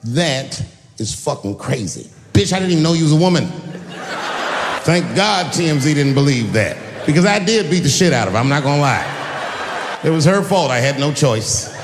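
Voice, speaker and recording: Man doing an animated stand-up set. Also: fairly high pitch, moderate pace, slight background noise. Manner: animated storytelling with acted-out voices. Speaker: stand-up comedian. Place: large venue with a live audience. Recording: live hall recording with long reverb.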